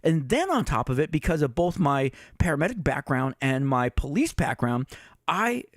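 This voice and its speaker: A man's voice: on the high side, very animated, moderate pace, no room sound, clean studio sound. A man in his fifties, a retired police chief, telling stories in a casual livestream chat. He talks straight to his viewers and swears now and then. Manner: conversational, addresses viewers directly, swears casually.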